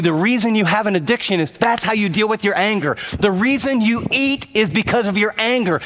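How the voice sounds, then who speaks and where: A male pastor delivering a sermon in a slightly high voice for a man. He tells stories from his own life, then turns straight to the audience with urgent, repeated lines that hammer each point home. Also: a bit bright. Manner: storytelling, then urgent direct address to the audience; repetitive emphatic phrasing.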